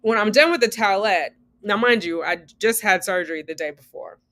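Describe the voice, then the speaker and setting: A woman in her forties telling a candid story to her viewers in a casual chat, animated, switching between loud outbursts and hushed asides. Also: mid-range voice, fairly quick. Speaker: vlogger and new mother.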